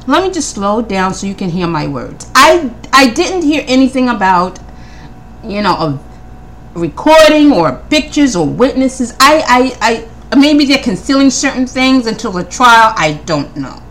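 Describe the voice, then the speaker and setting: A woman hosting a podcast, talking through her notes in casual commentary, firing off one pointed question after another and often repeating her words. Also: a little high. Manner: animated, rapid-fire questioning, repeats words; preacherly Christian tone. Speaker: podcast host.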